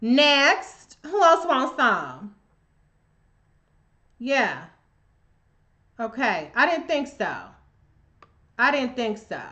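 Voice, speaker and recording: A woman with a high, bright voice hosts a live stream, talking back to her commenters in a blunt, confrontational, profanity-laced way. She hits her points hard and keeps the commentary heated. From United States. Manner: addresses commenters directly. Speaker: livestream host.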